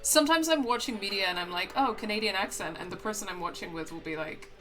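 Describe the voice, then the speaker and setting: A woman's voice: medium pitch, sing-song, quick pace, a bit bright, soft background music. A woman co-hosting a game stream, chatting casually with lots of fillers. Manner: chatty, many fillers and restarts, laughs often. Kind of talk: casual chat.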